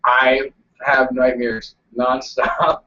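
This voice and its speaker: A man's voice: mid-range voice, completely flat delivery, drawn-out words, sharp tone, recorded from a distance. A man telling stories and teasing his friends on a casual live stream. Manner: joking, storytelling, teasing. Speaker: show regular. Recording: lo-fi audio, voice off-mic.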